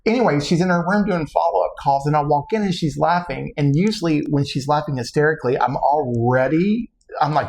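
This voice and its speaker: A man, co-hosting a podcast, telling stories in an animated way with frequent laughter and repeated words. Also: fairly high pitch, a little fast, vocal fry, low-quality recording. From Texas. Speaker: co-host. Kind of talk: casual podcast chat.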